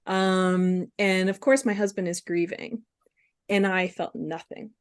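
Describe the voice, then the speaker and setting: A woman speaking candidly as a webinar guest, halting with fillers and restarts. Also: medium pitch, steady tone, darkish tone. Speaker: guest speaker on compassion fatigue. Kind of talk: casual webinar conversation.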